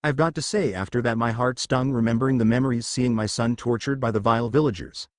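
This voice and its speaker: A man narrating a fan fiction story in first person, with expressive delivery. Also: medium pitch, fast, no echo, studio quality.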